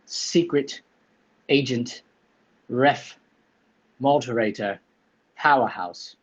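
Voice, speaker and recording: Jokey man hosting a livestream, husky. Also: mid-range voice, drawn-out words, muffled recording. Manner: jokey, put-on silly accent, teasing banter. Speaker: livestream host. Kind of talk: playful livestream chat.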